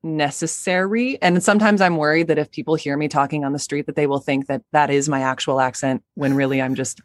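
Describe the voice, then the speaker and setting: Low-voiced woman, bubbly guest. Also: fairly even intonation, brisk, no room sound, clean studio sound. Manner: bubbly, laughs often. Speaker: interview guest, actor. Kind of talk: casual interview chat.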